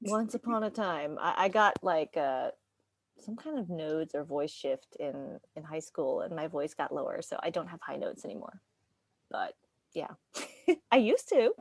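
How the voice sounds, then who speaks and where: A woman talking candidly in a casual group video call, often laughing and trailing off softly. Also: low voice, expressive, unhurried. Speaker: roundtable participant.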